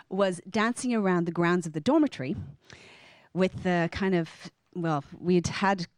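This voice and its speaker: A middle-aged woman with an Irish accent, telling a personal story to a live audience in a lively, animated way. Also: dry recording. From Ireland. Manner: lively, animated, acts out quoted lines in a higher voice.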